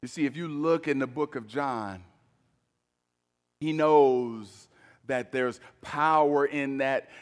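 A man preaching a sermon, moving between emphatic loud passages and hushed, low-voiced lines. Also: takes it slowly, long pauses. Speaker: pastor. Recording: long reverb of a large hall.

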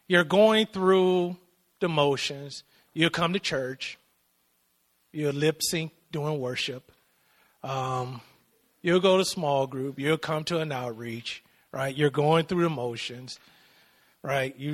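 A man's voice: a little high, fairly bright tone. A man preaching a sermon in a conversational way, often asking the congregation for responses.

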